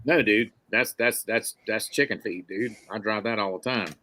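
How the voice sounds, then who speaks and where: A man from Mississippi with a Southern accent, hosting a podcast in casual, folksy, excitable chat. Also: lowish voice, moderate pace. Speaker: podcast host.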